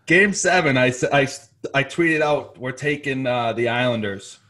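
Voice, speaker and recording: A man's voice: mid-range voice, normal speed, pushed and bright. Stammering man rambling about his bets. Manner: rambling, stammering, laughing at himself. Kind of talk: casual podcast chat.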